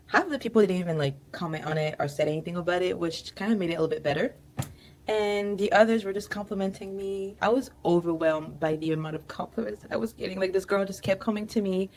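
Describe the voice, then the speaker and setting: A woman's voice: on the low side, fast. A young woman vlogger sharing an earnest, emotional faith-based story about her life, talking casually and openly to her viewers.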